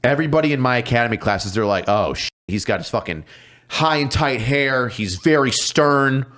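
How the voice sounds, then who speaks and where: A man, a police officer guest on a podcast, telling stories casually with lots of swearing and quick impressions of other people. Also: medium pitch. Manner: profane, animated, mimics people in his stories. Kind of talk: casual storytelling.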